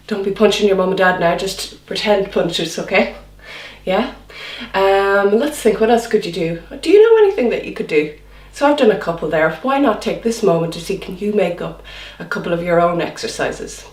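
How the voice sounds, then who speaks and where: A woman teaching a children's drama class online, encouraging them through voice and movement warm-ups. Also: medium pitch, reverberant, distant mic. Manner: encouraging, demonstrating vocal exercises.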